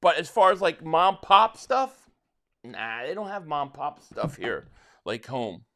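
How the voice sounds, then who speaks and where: A man from South Jersey, near Philadelphia, hosting a casual live stream. His voice sits fairly high for a man. He rambles through viewer comments in loose, chatty talk and often restarts his sentences. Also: very animated, slow, fairly bright tone.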